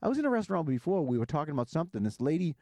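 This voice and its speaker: A middle-aged man hosting a casual podcast. He tells stories in an animated way and is quick to laugh. His voice is mellow and warm, recorded dry and close to the mic. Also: on the high side, no room sound. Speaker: podcast host.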